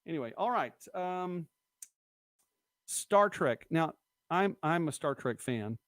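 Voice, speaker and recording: A man's voice: a little high, animated, slow, dry recording. A middle-aged man hosting a casual live-stream, chatting and rambling as he reads viewer comments aloud. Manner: chatty, rambling, quotes movie lines. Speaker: host of a local live-stream show.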